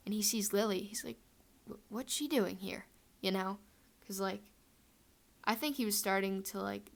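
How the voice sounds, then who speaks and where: A woman's voice: mid-range voice, vocal fry. A young woman telling a fan headcanon story in a chatty, rambling way, full of fillers.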